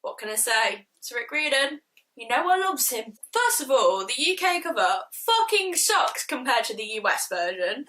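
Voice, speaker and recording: A woman's voice: fairly high pitch, bright, forceful tone, poor audio. A woman from Shropshire chatting casually through book reviews in a gushing, slangy, self-mocking way. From Shropshire, England. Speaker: book vlogger.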